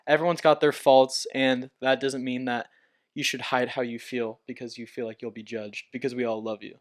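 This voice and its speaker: A man's voice: medium pitch, little pitch movement, moderate pace. A young man hosting a casual podcast chat with friends, earnest and encouraging, laughing often. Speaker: podcast host.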